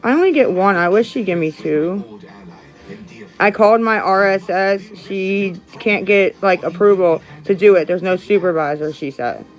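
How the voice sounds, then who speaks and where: A woman's voice: medium pitch, moderate pace, faint music behind. A woman hosting a live stream, talking straight to her viewers. She is sarcastic and rambling and swears freely. Her voice sits in an ordinary middle range for a woman. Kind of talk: casual live-stream chat.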